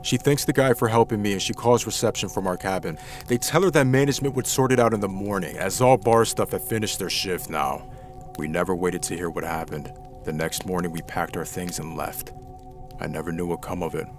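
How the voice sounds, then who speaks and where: A man's voice: deep voice, fairly quick, soft background music. A man narrating true scary stories in the first person, reading them dramatically. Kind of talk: scripted horror story narration.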